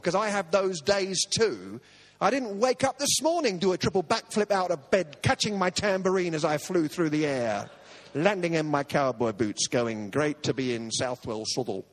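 A man preaching a humorous sermon, telling stories with self-mocking comic asides. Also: sits high.

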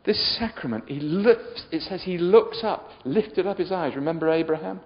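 A man preaching a sermon, moving from quiet storytelling to loud, shouted exhortation. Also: fairly high pitch, moderate pace, dull audio.

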